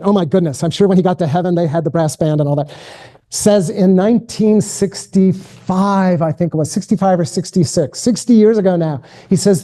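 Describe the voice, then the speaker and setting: A middle-aged man giving a keynote as a spiritual director, leading guided contemplative prayer and then a lecture in a gentle, invitational, self-deprecating way. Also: high-pitched, measured pace.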